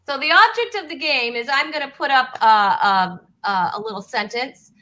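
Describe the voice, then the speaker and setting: A woman hosting a comedy talk show, speaking in a halting, playful way with lots of "uh" and restarts. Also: sits high, lively intonation, bright, forceful tone, poor audio.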